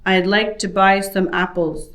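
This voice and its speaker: A polite young male customer asking for apples at a fruit stand, voiced by a woman teacher. He speaks in plain, courteous requests, a little louder than her normal speaking voice. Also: mid-range voice, little pitch movement, measured pace, natural voice.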